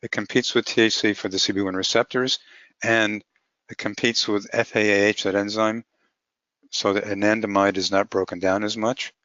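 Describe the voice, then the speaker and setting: This doctor also lectures by webinar on cannabis medicine, explaining clinical cases plainly and in order. His voice is on the low side, bright and forceful yet flat in delivery, at a moderate pace. The recording is dry, with the muffled, lo-fi sound typical of webinars.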